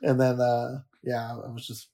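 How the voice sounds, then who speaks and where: A man's voice: mid-range voice, completely flat delivery, measured pace, creaky, dark tone. Laid-back man telling a story. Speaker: podcast co-host. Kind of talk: casual fantasy football chat.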